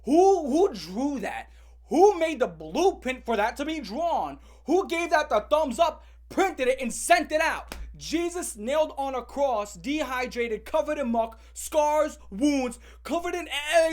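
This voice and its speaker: Animated woman ranting with lively pitch. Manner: animated, profane storytelling with sudden shouts and laughs; repetitive rhetorical questions. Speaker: channel host. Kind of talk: comedic rant.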